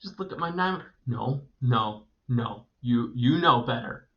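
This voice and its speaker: A man's voice: mid-range voice, animated, a little slow. A man in his thirties teaching creative writing in a recorded video lecture, talking in an enthusiastic, conversational way and laughing often. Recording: dull lo-fi recording.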